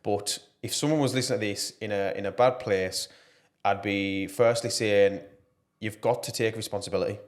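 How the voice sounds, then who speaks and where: A man with a fairly low voice, speaking as a guest on a podcast. He talks with earnest passion in a loose, conversational way, often pausing on fillers. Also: steady tone. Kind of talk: casual podcast interview.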